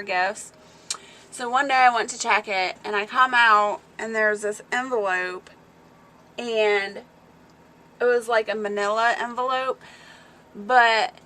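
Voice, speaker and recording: A woman's voice: mid-range voice, sharp tone. A woman hosting a casual livestream, chatting with viewers, telling stories and reading comments aloud, laughing often. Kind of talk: casual chat.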